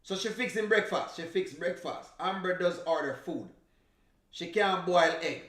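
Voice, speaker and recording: A man's voice: high-pitched, animated, normal speed, fairly bright tone, roomy sound. A man from Jamaica with a Jamaican accent, chatting casually on a live stream, teasing and laughing and slipping into patois. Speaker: reaction streamer.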